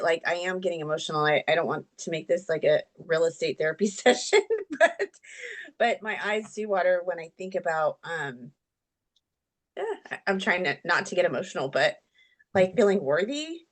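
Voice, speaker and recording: A woman's voice: on the low side, lively intonation, normal speed. A woman taking part in an online class, speaking hesitantly, stopping and restarting with "like" and "um". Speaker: class participant.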